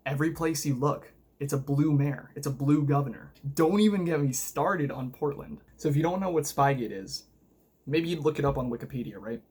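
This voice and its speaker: A man's voice: fairly high pitch, husky. A man narrating a sarcastic political video essay, combative and mocking, full of rhetorical questions. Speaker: political commentary video host.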